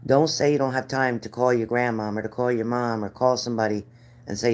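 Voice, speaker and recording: A woman's voice: very deep voice, steady tone, fairly quick, a little mellow. A middle-aged woman reading spirit cards live for viewers, chatty and earnest, repeating their names. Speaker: card reader.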